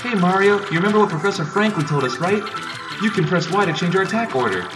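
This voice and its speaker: A man's voice: high voice, expressive, fast talker, voice pushed up. A man doing a chirpy girl Goomba sidekick. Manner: peppy, squeamish. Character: chirpy know-it-all young female Goomba. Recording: distant mic with loud game music.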